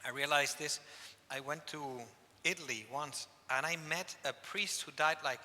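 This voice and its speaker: A man's voice: a little high, unhurried. A man, a priest, preaching a sermon at a penitential service, telling stories with emphatic repetition. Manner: emphatic, repeats key phrases, animated storytelling. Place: church. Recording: long church hall reverb.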